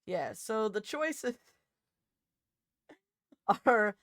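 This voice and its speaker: Talking loosely with her chat, the same young streamer wanders between thoughts, interrupts herself, and now and then laughs loudly. She sounds fairly low and a little slow, pausing often, captured in clean studio audio without echo.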